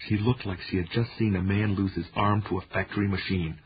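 A man reading a novel aloud in an even, measured storytelling manner. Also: low voice, breathy edge, no room sound. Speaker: narrator. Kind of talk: audiobook narration. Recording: dull lo-fi recording with faint hiss.

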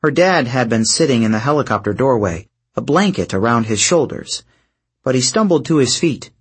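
A man narrating an audiobook chapter in a steady, measured manner. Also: medium pitch, slightly rough. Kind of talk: scripted narration.

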